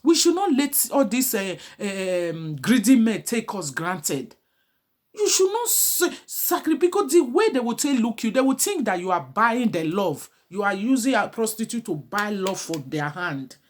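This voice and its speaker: Pleading woman, animated pitch. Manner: pleading, preachy, scolding. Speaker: vlogger. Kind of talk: impassioned advice monologue.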